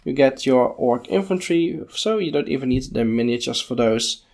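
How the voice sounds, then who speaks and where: A man's voice: mid-range voice, expressive, darkish tone. A man hosting a podcast, casually walking through a book page by page and thinking aloud. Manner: unhurried, musing, thinking aloud with fillers. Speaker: podcast host.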